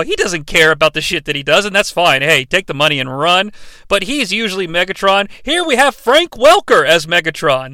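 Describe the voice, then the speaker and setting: Brief: a high, bright-toned man, sarcastic and rambling, with a dry, close sound. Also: no room sound. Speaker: host. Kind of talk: comedic movie review.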